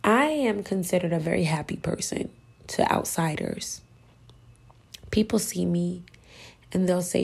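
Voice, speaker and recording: A woman preaching in a slow, deliberate sermon, her low voice heavily gravelly and rough. She urges her listeners intensely and keeps slipping into a hushed whisper. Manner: emphatic, urging. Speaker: spiritual speaker.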